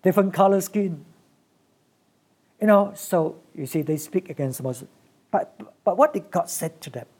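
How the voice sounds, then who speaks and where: Gravelly preacher delivering an emphatic sermon. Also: medium pitch, expressive, normal speed, long pauses, darkish tone. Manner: emphatic, repeats key phrases, speaks in short bursts.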